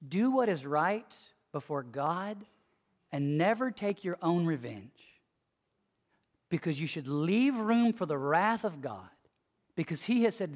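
Preacher, mid-range voice, punchy sermon delivery that drops to a hush; church with long reverb. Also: mid-range voice, slow. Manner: conversational, emphatic, with sudden swings from lively to hushed.

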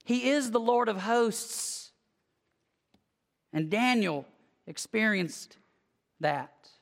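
A preacher delivering a conversational sermon, emphatic, swinging from lively to hushed. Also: mid-range voice, extremely slow, creaky. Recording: long hall reverb.

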